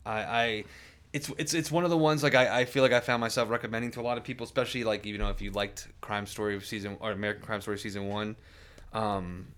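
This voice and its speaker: A man's voice: on the low side, steady tone, fast talker, fairly bright tone, smooth. A man co-hosting a podcast, talking casually and hesitantly with many restarts. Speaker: podcast co-host. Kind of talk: casual chat.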